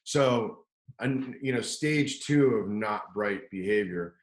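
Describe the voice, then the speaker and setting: A man's voice: lowish voice, slow, reverberant, rough recording. A man telling a long story in casual chat, rambling and profane, with lots of "like" and restarts. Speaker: podcast guest telling a story.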